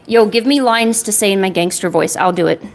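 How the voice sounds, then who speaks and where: A young woman streaming while she draws, chatting casually in a rambling, self-deprecating, jokey way. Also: medium pitch. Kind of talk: casual chat while drawing.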